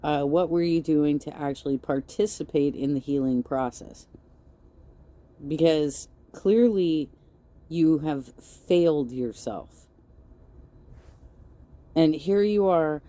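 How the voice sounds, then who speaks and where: A woman hosting a reaction commentary, picking apart a clip in a sarcastic, scolding tone. She talks slowly, and her voice sounds dark and mellow. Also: low voice. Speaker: commentary host.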